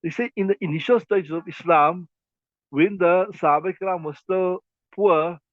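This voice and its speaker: Guy teaching a class, kinda high voice, keeps asking "right?", sounds like a phone recording. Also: moderate pace, no echo. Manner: explains step by step, often checks "right?". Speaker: teacher of Islamic jurisprudence. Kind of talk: classroom text lesson. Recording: thin phone-like dry recording.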